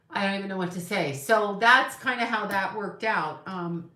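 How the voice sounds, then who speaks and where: A woman runs a casual livestream and chats with viewers in an opinionated, gossipy way. Her voice is bright and forward. The sound is roomy and echoey, like a phone or webcam picking her up in a room at home. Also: medium pitch. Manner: chatty, opinionated, gossipy asides. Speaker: psychic livestream host. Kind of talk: casual livestream chat reading comments.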